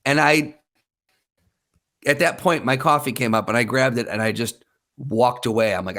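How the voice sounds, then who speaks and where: Podcast guy telling a story, mid pitch, acts out the people in it. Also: very animated, moderate pace, fairly bright tone. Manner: storytelling, acting out the people in his anecdotes. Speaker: podcast co-host. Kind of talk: casual chat.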